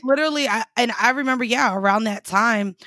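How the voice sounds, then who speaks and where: A woman's voice: a little high, brisk, sharp tone, dry recording, studio quality. A woman hosting a podcast who reacts to her guest and asks probing follow-up questions in casual chat. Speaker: podcast host.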